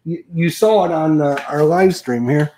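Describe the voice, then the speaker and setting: A man hosting a casual chat, rambling and animated as he tells stories. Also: fairly high pitch, normal speed, roomy sound, a little hiss or hum. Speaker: host.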